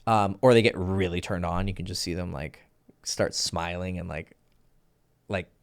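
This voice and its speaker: A man with a gravelly, fry-edged voice gives dating advice in a loose, casual style. He is blunt and profane. He keeps acting out little exchanges between himself and a woman. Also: low-pitched, steady tone, normal speed. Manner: blunt, profane, acts out both sides of conversations. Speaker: dating coach. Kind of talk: casual instructional talk.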